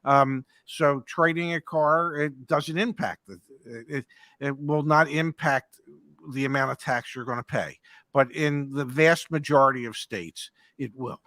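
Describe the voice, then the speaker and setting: A man's voice: medium pitch, measured pace, bright, forceful tone, no echo. An older man co-hosting a casual chat, a joking, folksy storyteller who once ran car dealerships. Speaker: co-host, former car dealership manager.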